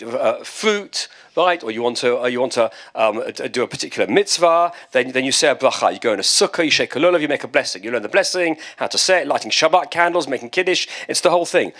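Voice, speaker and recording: Man, British accent, rabbi, lecture on texts, conversational, witty. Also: mid-range voice. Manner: conversational and lively, with asides and jokes. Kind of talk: text-study lecture.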